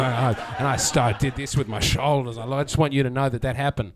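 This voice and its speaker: A man's voice: medium pitch, steady tone, brisk, hardly any pauses. A man doing a sardonic stand-up set, chatting with the crowd and acting out quotes. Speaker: stand-up comedian. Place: comedy venue with live audience.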